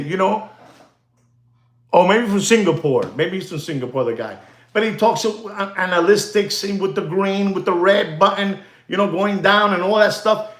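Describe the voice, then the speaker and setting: A man chats casually to livestream viewers, rambling and repeating himself. His voice sits high and swings widely in pitch. The sound is roomy and echoey. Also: fairly bright tone. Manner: rambling, repetitive, laughs often. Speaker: watch dealer hosting a livestream.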